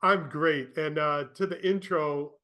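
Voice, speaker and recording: A man's voice: a little high, fairly even intonation, a little slow, pushed and bright. A man hosting a podcast interview, chatting in a friendly, upbeat way. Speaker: podcast host. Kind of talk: casual interview.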